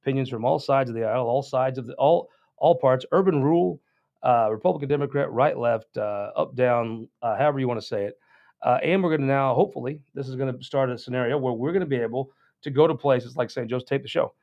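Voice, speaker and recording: A man's voice: mid-range voice, fast talker, gravelly. A man hosting a political talk show, rambling in a folksy, casual monologue with frequent restarts. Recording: dull lo-fi sound.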